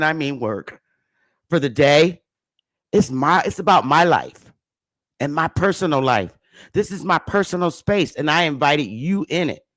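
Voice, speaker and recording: Blunt, profane woman ranting on a livestream. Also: dry recording. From Bridgeport, Connecticut. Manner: swings between loud animated bursts and low quieter stretches. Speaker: livestream host. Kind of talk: casual livestream rant to her audience.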